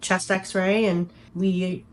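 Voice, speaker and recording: A woman's voice: lowish voice, level tone, drawn-out words. A woman voicing a sweet, reassuring female attending doctor who speaks in an easygoing, friendly way.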